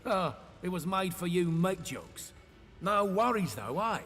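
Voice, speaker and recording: Grumbly aussie mech mechanic, kinda high voice, game audio. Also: male voice, big pitch swings, a little slow, a bit bright, a little hiss or hum, exaggerated voice. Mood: grumbling. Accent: Australian. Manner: grumbling, slangy, informal. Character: gruff male mech technician, grumbling but loyal. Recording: game audio with long reverb.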